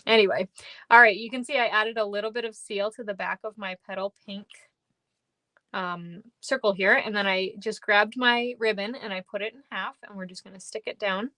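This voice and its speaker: A woman's voice: medium pitch, steady tone, normal speed, bright, forceful tone, dry recording. A woman with a Minnesotan accent hosting a live card-making class, chatty and upbeat, often laughing and greeting viewers by name. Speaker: stamping class host.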